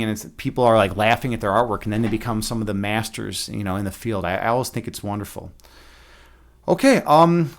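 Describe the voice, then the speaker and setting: A man chatting casually on a live stream, rambling with many restarts and fillers and greeting viewers by name. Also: medium pitch. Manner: friendly, talks to chat by name.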